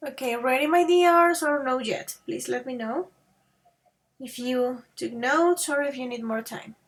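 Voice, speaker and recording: A high-voiced woman teaches English grammar in an online class, speaking slowly and patiently and calling her students dears and babies. She switches between English and Spanish now and then to make a rule clear.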